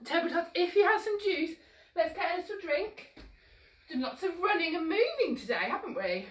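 At a moderate pace, a woman with a very high-pitched, very animated and slightly bright voice runs a live-streamed toddler action-song class. She coaxes the little ones with upbeat, encouraging sing-song, a bit breathless from moving as she talks. Her voice comes from a distance in a roomy, echoing space.

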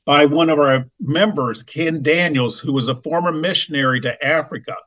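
Man with a slightly high voice asking questions. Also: moderate pace, fairly bright tone, highs cut off. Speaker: host. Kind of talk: panel discussion.

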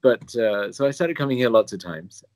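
A man's voice: lowish voice, animated, moderate pace, no echo. A man from Singapore with a somewhat posh British accent, a priest telling his story in an interview with self-deprecating chuckles. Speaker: priest, pilgrimage chaplain.

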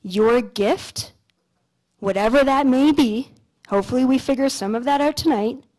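A young woman from Canada giving a motivational talk on a conference stage, telling stories in a casual, animated way with some swearing. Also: sits high, moderate pace, low-quality recording. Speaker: conference speaker. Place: lecture stage at an expo.

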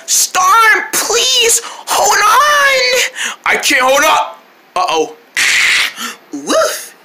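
A woman acts out a playful toy role-play, flipping from one goofy character voice to the next with shouts and squeals. Her tone is very bright and sharp, and her pitch swings widely. A faint noise sits under the recording. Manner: switches fast between silly character voices, shouting and squealing.

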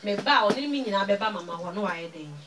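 A woman with a Ghanaian accent giving a spoken testimony at a church service, mixing Twi and English and swinging from loud to very soft. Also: mid-range voice, lively intonation, brisk, distant mic, a crowd in the background.

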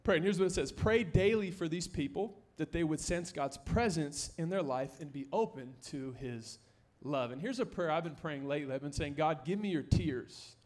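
A young man with a fairly high voice preaches from the stage of a church, speaking into a microphone. He is lively and playful, and he pushes his voice up loud and high when he wants to drive a point home. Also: normal speed. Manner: energetic, joking, rising to near-shouts for emphasis. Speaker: pastor. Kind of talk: sermon. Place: church sanctuary.

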